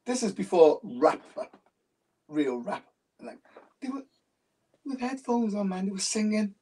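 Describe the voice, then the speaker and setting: Man, interview guest, animated storyteller, repeats phrases, distant from mic, video call. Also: high-pitched, a little slow, slight background noise. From Liverpool, England. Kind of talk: casual interview talk.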